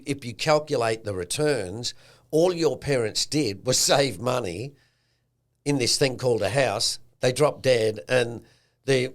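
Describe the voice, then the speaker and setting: A man with an Australian accent hosting a casual podcast chat in an animated way, slipping into slangy bits of speech. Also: medium pitch. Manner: animated, acts out quotes with a slangy tone. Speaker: podcast host.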